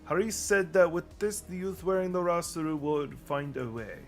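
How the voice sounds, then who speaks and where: A man voicing a formal young priestess in a game with a put-on Russian accent, speaking slowly. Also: fairly high pitch, soft background music, pitched above the performer's own voice, lightly acted. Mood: solemn. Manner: slow and formal.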